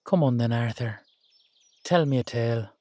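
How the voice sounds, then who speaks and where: A man's voice: mid-range voice, normal speed, warm tone, dry recording, lightly acted. A man voicing a wary older Irish uncle, a retired safecracker, with a sly, teasing drawl. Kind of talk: audio drama acting.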